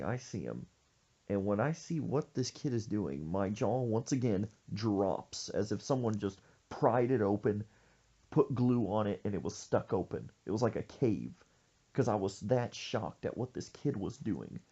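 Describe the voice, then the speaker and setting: A man hosting a podcast, telling a story in an animated, jokey way. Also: lowish voice, slightly rough, lo-fi sound. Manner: animated, jokey, acts out quoted voices. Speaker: podcast host. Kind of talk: casual storytelling chat.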